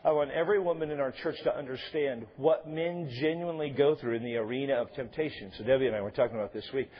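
A man's voice: medium pitch, fast talker, highs cut off. A male pastor preaching a sermon in a conversational way, with joking asides to the congregation. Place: church sanctuary.

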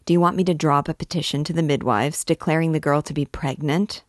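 This is an audiobook character reading: a woman gives voice to a chattering, worried male poet in a classic novel, pleading and anxious. Her tone is close to an everyday voice but goes quicker, higher and excitable, captured with studio quality and no echo.

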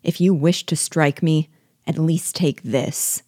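A woman reading the lines of a tall, proud man who speaks with slow, calm dignity. The voice is low and mellow, recorded close and dry. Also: no room sound.

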